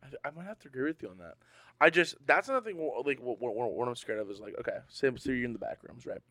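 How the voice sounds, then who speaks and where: A man co-hosting a casual podcast, talking excitedly and stammering a little as he gets spooked. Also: medium pitch, quick pace, dry recording. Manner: excitable, easily spooked, stammers when nervous. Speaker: podcast co-host. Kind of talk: casual chat.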